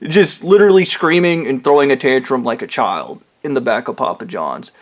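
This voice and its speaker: A man's voice: medium pitch, very animated, moderate pace. A man vlogging a profane, rambling monologue in a bitter, aggrieved tone. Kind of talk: ranting monologue.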